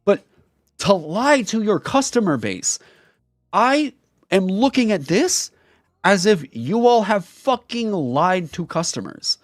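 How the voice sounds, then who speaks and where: A man's voice: sits high, sing-song, slow pace, no echo. Fired-up guy ranting to camera, swears a lot, voice bouncing all over, dry close sound. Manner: heated, profane, emphatic. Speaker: YouTuber and streamer. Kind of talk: angry commentary rant.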